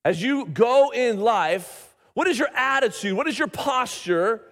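A middle-aged man, a pastor, preaching a sermon and telling a family story in an animated way, with frequent restarts. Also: extremely high pitch, measured pace. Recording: reverberant church hall.

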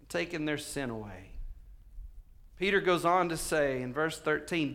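A man preaches a sermon. His voice sits high and rings bright. He moves between hushed pleading and passionate, shouted emphasis. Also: lively intonation, moderate pace. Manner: swings from quiet pleading to fervent shouting. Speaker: pastor.

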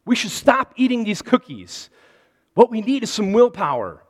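A man's voice: medium pitch, big pitch swings, brisk, husky, big-room sound, voice pushed down. A man voicing a sensible male frog trying to show willpower, reading from a children's storybook. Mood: earnest.

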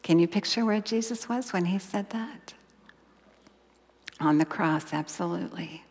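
A woman's voice: fairly low pitch, a little slow. Woman preaching in a reverberant hall. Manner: expressive, dropping to a whisper for emphasis. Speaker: Bible teacher. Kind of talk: sermon.

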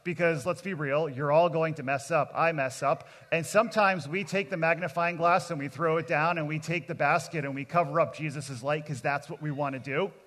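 A man's voice: a little high, a bit bright. A man preaching at a kids camp, earnest and plainspoken, speaking to both children and adults. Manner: earnest, plainspoken, calls out to the crowd. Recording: long hall reverb.

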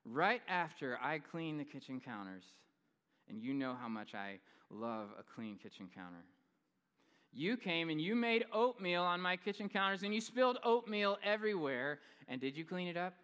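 A man's voice: a little high, sing-song, normal speed, fairly bright tone, smooth, voice pushed up. Sassy scolding wife, as a man puts her on. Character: sassy exasperated wife, young adult woman. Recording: long reverb in a large hall.

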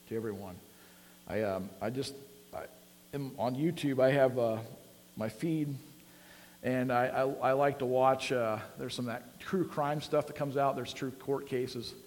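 A man preaches a sermon, starting casual and filled with fillers before building to emphatic peaks. His middle-pitched voice has a darkish tone, and a long reverb trails behind him like a church hall.

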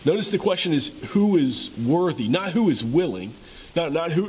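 A man's voice: a little high, big pitch swings, moderate pace, slight background noise, rough recording. A man preaching a sermon, retelling a scene dramatically with repeated rhetorical questions. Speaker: pastor.

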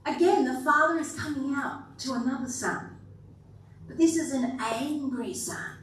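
A high-voiced woman pastor preaching to her church in an easy, chatty manner and quizzing the room as she goes. Her voice bounces around a large, very echoey hall and is picked up from a distance. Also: expressive, unhurried. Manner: conversational and playful, asking the room questions. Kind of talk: sermon.

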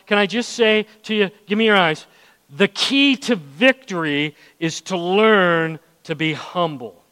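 A man's voice: high voice, unhurried, pushed and bright, clean tone. A male pastor preaching a sermon, asking the congregation questions and acting out inner voices. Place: church hall. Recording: long hall reverb.

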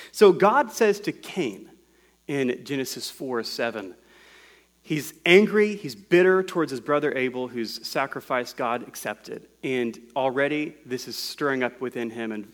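A man's voice: mid-range voice, animated, a little slow. A man preaching a sermon to a congregation in a room, explaining scripture word by word in a patient teaching tone.

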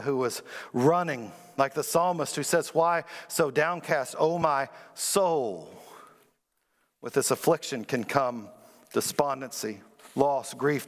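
Man preaching in a reverberant hall. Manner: preaching with call-and-response, rising emphatic pitch. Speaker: pastor. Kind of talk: sermon.

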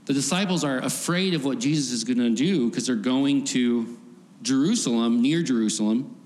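At normal speed, a preacher with a darkish, mid-range voice gives a chatty sermon, laughing frequently and imitating voices from the story. There's faint background noise and a long reverb from the hall.

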